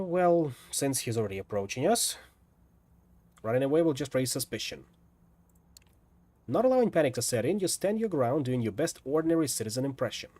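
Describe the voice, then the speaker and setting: Man reading a game aloud, lively voice. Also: mid-range voice, dry recording. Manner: lively, lightly dramatic narration with asides. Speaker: streamer. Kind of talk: reading a visual novel aloud.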